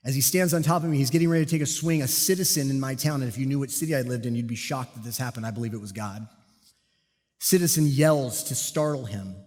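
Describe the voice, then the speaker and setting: A man preaching a sermon, telling a personal police story with lively, self-deprecating humor. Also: medium pitch, quick pace. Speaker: pastor and police officer. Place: church sanctuary. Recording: long hall reverb.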